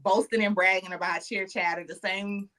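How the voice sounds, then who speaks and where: A woman co-hosting a podcast, telling stories in an animated, colloquial way and giving shout-outs. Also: medium pitch, moderate pace, distant mic, rough recording. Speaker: podcast co-host. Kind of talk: casual chat.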